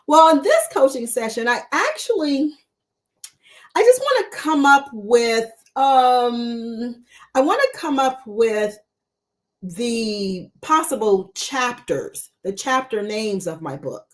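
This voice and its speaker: A woman's voice: on the high side, animated, slow pace. A woman voicing an adult male coaching client, thinking aloud in her own everyday voice. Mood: musing.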